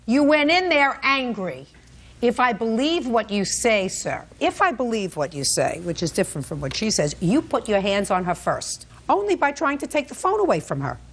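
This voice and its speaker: A woman's voice: medium pitch, very animated, normal speed, few pauses, breathy edge. A woman presiding as a television court judge, questioning the parties bluntly and scolding them as she cuts in.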